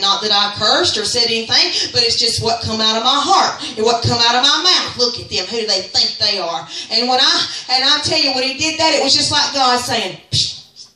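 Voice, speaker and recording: A woman teaching a Sunday school lesson in a fervent preaching style, climbing to near-singing peaks and dropping low. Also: sharp tone, distant mic. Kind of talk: sermon. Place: church. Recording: roomy echo, speaker off-mic.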